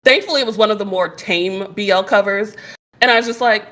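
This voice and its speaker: A woman's voice: medium pitch, fairly quick. A woman in her thirties, a podcast guest and streamer, chatting casually and telling stories, acting out the other people's lines as she goes. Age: 30s. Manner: animated storyteller who acts out quoted dialogue. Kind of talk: casual chat.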